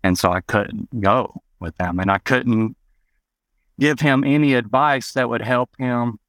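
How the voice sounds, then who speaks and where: In an unhurried, mid-range voice with a fairly bright tone, a man from Arkansas shares a personal story as a guest, easygoing and thoughtful. Frequent "you know" fillers dot his speech, and he gets louder to play the people he's quoting. The sound is dry.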